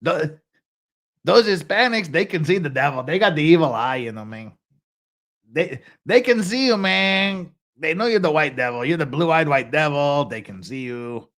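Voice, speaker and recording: A man from Utah riffs on police footage in a sarcastic, joking way, breaking into laughter often. His voice sits a little high and jumps around a lot in pitch. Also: expressive, moderate pace, fairly bright tone. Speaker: host commenting on police footage. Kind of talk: live-stream commentary.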